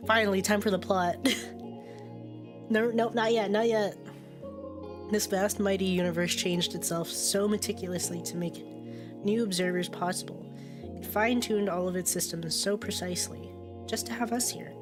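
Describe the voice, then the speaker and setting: A woman's voice: medium pitch, fairly even intonation, moderate pace, over music. Chatty woman streamer reading a game aloud. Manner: chatty, laughs often, swears casually. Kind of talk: game playthrough commentary, reading dialogue aloud.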